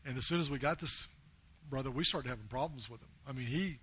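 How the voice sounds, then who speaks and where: A man's voice: mid-range voice, fast, fairly bright tone, breathy edge. Earnest American man preaching. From United States. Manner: earnest storytelling, quoting others in plain voice. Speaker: missionary preacher. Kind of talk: sermon.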